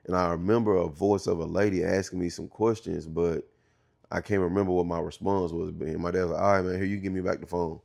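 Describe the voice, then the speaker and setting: Man, thirties, halting candid storytelling, slangy, gravelly rasp. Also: sits low, fairly even intonation, a little mellow. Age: 30s. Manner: halting, restarts often, slangy and profane. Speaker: interview guest.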